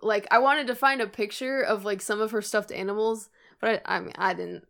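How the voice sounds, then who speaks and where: A young woman with a bright, ringing voice chats casually on a podcast. She gushes and giggles, dropping casual swears along the way. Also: medium pitch, expressive, normal speed. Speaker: podcast co-host. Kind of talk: casual chat.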